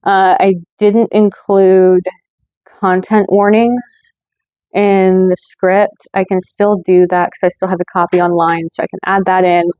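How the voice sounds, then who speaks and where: A woman's voice: medium pitch, little pitch movement, measured pace, dry recording, narrow, tinny audio. A woman hosting her own movie review channel, talking in a chatty way with lots of fillers and self-corrections. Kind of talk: casual scripted review.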